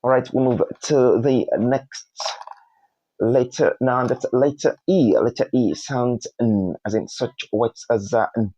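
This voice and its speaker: A man teaches phonics at a slow, deliberate pace, sounding out each letter before saying the whole word and then repeating it. His voice sits at an ordinary pitch and is recorded dry, with no room echo. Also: dark tone, muffled recording. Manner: slow, spells out letters one by one, repeats words. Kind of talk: spoken phonics lesson.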